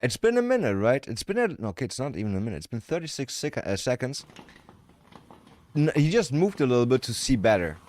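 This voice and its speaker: A man's voice: medium pitch, big pitch swings, brisk, a little mellow. A man livestreaming, reacting to videos with joking, profane live commentary.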